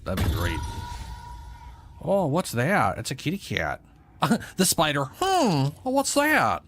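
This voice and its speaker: A man hosting a let's play, giving casual gameplay commentary, excitable, swearing and laughing often. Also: a little high, slow.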